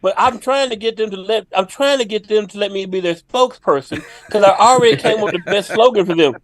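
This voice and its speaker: A male comedian, a guest on a podcast, telling a story in a lively, laughing way. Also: high-pitched, fast talker, dry recording.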